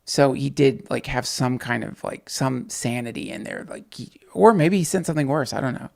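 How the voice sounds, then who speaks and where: A man hosting a casual night livestream, rambling, swearing and talking excitedly to his viewers. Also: medium pitch, normal speed, vocal fry. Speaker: podcast host on a night livestream.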